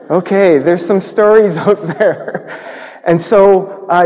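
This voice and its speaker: A pastor telling a Bible story to children in church, animated, acting out sound effects. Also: male voice, high voice. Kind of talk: children's sermon. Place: church sanctuary. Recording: long church reverb.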